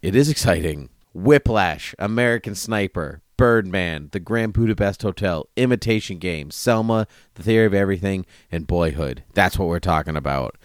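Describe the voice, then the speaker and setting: Man, very deep voice, casual TV recap co-host, jokey, animated, dry close recording. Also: normal speed, hardly any pauses, no echo. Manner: jokey, animated, breaks into silly bits. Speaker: podcast co-host.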